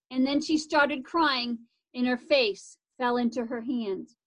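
A woman reading a children's chapter book aloud, unhurried and expressive. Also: sits high. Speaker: reader.

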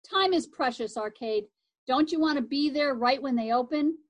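A woman reading aloud, voicing a brisk, determined older sister in a children's story. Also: high-pitched, close to an everyday voice.

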